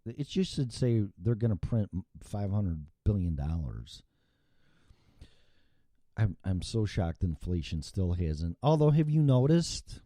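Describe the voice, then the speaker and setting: A man's voice: on the low side, warm tone, no echo, clean studio sound. A middle-aged American man hosting a show, ranting with profanity and heavy sarcasm. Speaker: show host. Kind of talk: solo political rant.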